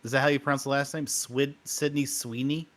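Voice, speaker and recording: A man's voice: medium pitch, steady tone, brisk, fairly bright tone. A man co-hosting a casual comedy talk show, goofy and fond of pushing jokes and mock accents. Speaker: co-host.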